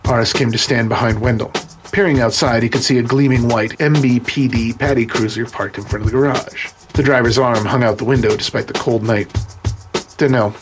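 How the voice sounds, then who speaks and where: A man narrating an audiobook in a steady, measured way. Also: mid-range voice. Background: music.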